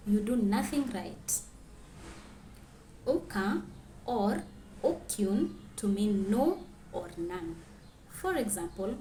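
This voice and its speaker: A woman teaching a grammar lesson, clearly reading out French example sentences and then translating them. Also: mid-range voice, lively intonation, slow, long pauses, mellow, echoey room, a little hiss or hum.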